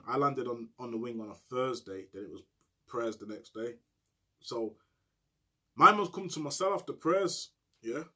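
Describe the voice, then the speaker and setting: A man telling a story to camera in heavy street slang, animated and often checking in with "you get me". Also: medium pitch. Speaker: storyteller recounting prison life.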